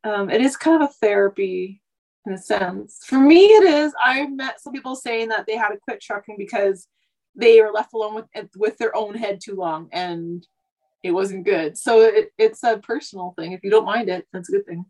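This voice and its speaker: A woman's voice: medium pitch, moderate pace, darkish tone, poor audio. A woman in her thirties from Canada, a truck driver chatting casually on a podcast, rambling with lots of asides. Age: 30s. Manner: talkative, rambling, many "like" and "you know" asides.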